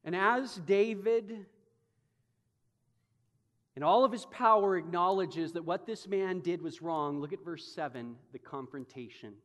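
A man's voice: high-pitched, fairly bright tone. Dramatic preacher man in a reverberant hall. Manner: dramatic storytelling with slow emphatic phrases. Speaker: pastor. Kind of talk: sermon. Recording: long reverb of a large hall.

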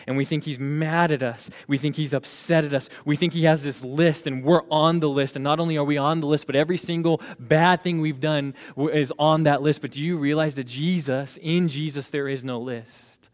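A young man in his twenties preaching a lively sermon as a youth pastor, laughing now and then and acting out what people say. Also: on the high side, normal speed, few pauses. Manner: animated, laughs while preaching, acts out quoted voices. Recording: long hall reverb.

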